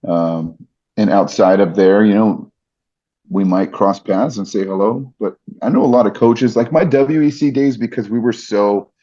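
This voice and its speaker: A fight announcer in middle age, on a podcast as a guest, tells earnest, reflective stories in a casual interview and often starts over. His lowish voice is mellow and his pace moderate. The audio is dull and lo-fi.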